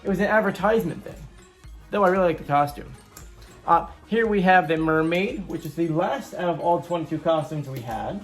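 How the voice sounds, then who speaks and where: A man's voice: on the high side, lively intonation, brisk, faint music behind. A man hosting his own channel, walking viewers through a homemade game board in a chatty, upbeat way, with rambling asides. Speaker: YouTube host. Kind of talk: casual show-and-tell walkthrough.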